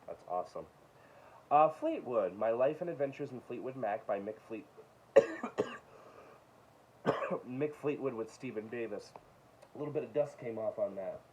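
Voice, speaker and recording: A man casually showing his book collection, reading titles aloud with quick offhand asides. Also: medium pitch, animated, darkish tone, slight background noise, rough recording. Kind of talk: casual show-and-tell of books.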